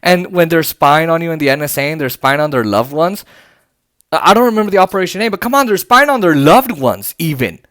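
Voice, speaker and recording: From his home, a male political podcast host reads posts aloud in a slightly high, expressive, somewhat bright voice at a fairly quick clip. His tone is sarcastic and indignant, peppered with fillers and restarts, and the sound is clean studio audio with no room echo.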